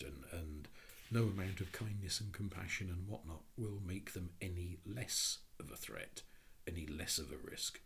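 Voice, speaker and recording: A man giving a reflective spoken talk on psychology, thinking aloud in a halting way with frequent restarts. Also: sits low, husky. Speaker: speaker on Jungian psychology.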